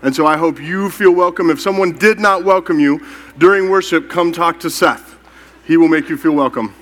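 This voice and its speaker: A man giving the welcome at a church service, speaking slowly and deliberately. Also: fairly high pitch. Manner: warm, welcoming, slow and deliberate. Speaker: church greeter.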